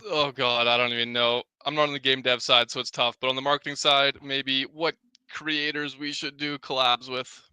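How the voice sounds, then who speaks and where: Guest, man, very bright and crisp voice, dry close sound, casual and keen. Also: mid-range voice, flat delivery, no room sound. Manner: casual, quick, enthusiastic. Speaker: game marketing guest. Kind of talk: podcast interview answers.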